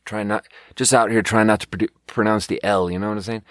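A man's voice: on the low side, fairly even intonation, fast talker, no room sound, studio quality. A man from Sweden hosting a podcast, telling a rambling, profane, self-mocking story in casual monologue. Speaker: podcast host and restaurant server.

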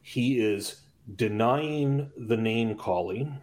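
A man's voice: mid-range voice, takes it slowly, a little mellow. A man co-hosting a book podcast, praising the prose with emphatic, repeated phrases. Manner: enthusiastic, emphatic opinions with repetitions. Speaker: podcast co-host. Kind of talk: casual book discussion.

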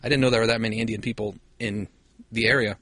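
A man's voice: lowish voice, steady tone, quick pace, a bit bright, dry recording. Joking, foul-mouthed male podcast host. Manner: joking, swears freely, laughs often. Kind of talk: casual chat.

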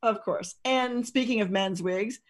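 A woman's voice: on the high side, measured pace. A woman co-hosting a podcast, chatting casually in a rambling, profane way with lots of restarts. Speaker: podcast co-host discussing costumes. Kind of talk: casual chat.

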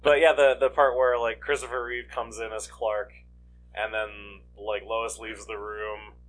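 A man's voice: lowish voice, flat delivery, measured pace. A man co-hosting a podcast, chatting casually about movies with wry, joking asides. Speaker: podcast co-host.

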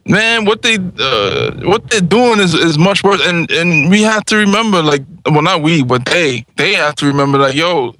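Bright-voiced man with AAVE, backing up the host. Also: a little high, expressive, moderate pace, few pauses, no echo. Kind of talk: casual roundtable discussion.

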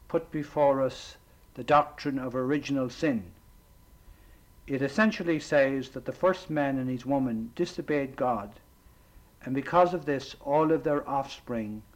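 A middle-aged man, a priest, giving a reflective storytelling sermon with measured pauses. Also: medium pitch, rough recording.

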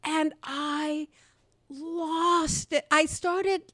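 High-voiced older woman, expressive. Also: very slow, dry recording, clean studio sound. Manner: expressive, swings from quiet to loud exclamations, laughs often. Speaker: podcast co-host and comedy teacher. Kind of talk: animated conversational storytelling.

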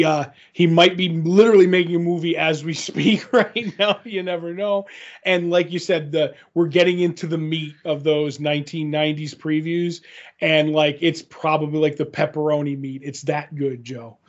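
A man's voice: on the high side, fairly even intonation, moderate pace. A man co-hosting a casual podcast, joking and making puns in easy banter. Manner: jokey, punning banter. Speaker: podcast co-host. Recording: dull lo-fi audio.

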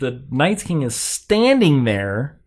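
A man's voice: medium pitch, big pitch swings, slow, darkish tone. A man in casual chat, animatedly recapping a TV episode and acting out the characters' lines. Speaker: podcast co-host recapping a TV episode.

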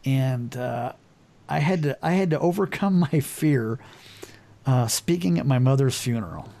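A man co-hosting a podcast, telling a personal story candidly and dropping quieter at the serious parts. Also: medium pitch, animated, measured pace, vocal fry. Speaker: podcast co-host. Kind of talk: casual podcast chat.

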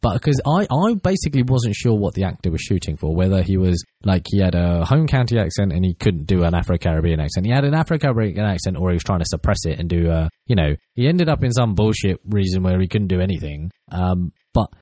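A man co-hosting a casual podcast chat, animated and blunt, swearing casually. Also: sits low, fast, few pauses, no echo. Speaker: podcast co-host. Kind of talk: casual chat about a TV serial.

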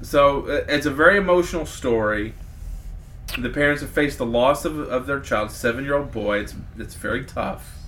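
A man's voice: medium pitch, moderate pace, fairly bright tone, a little hiss or hum. A man in his late thirties hosting a podcast in casual chat, rambling and joking about getting choked up. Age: 30s. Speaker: podcast host.

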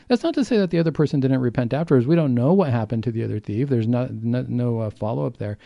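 A man's voice: medium pitch, fast, gravelly, few pauses, dark tone, dry recording, dull audio. A man, a doctor co-hosting a faith talk show, explaining earnestly and acting out the voices he quotes. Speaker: doctor and co-host.

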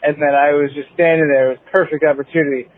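A man's voice: a little high, flat delivery, quick pace, no room sound. A man leaving a voicemail, telling a meandering story from work with lots of fillers and restarts. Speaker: voicemail caller. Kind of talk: rambling anecdote on a voicemail. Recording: tinny phone-line voicemail.

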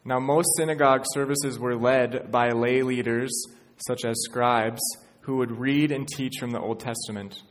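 A man's voice: mid-range voice, steady tone, normal speed. A man preaching a sermon in an earnest way, building to emphatic peaks. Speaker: pastor. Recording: church hall reverb.

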